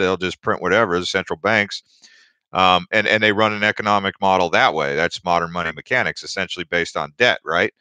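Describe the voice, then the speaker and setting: A man's voice: lowish voice, bright, forceful tone, smooth, no room sound. A young man hosting a casual livestream, rambling through stories and viewer comments with lots of restarts. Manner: rambling, chatty, with many restarts and fillers. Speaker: crypto livestream host.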